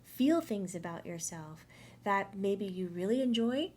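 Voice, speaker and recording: A woman talking through a monthly spiritual energy update in a chatty, animated way, often acting out inner voices. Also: medium pitch, unhurried, a little hiss or hum. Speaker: medium.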